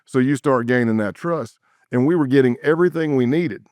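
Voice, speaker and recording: Speaking at medium pitch and a little quickly, a middle-aged man from South Carolina appears as a guest in a casual interview, with no echo on the recording. A former undercover agent, he tells stories and animatedly acts out the voices of the people he quotes.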